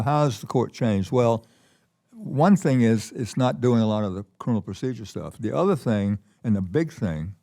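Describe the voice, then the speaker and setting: A man's voice: fairly low pitch, gravelly, dark tone. An older man telling stories as a conference keynote guest, rambling with many restarts. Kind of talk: conversational storytelling. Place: conference stage.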